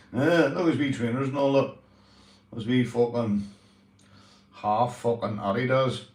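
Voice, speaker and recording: A Northern Irish vlogger and police auditor speaks slowly in a mid-range voice, pausing often. He rambles and swears in casual vlog chat, often saying "you know," and the roomy recording was made from a distance.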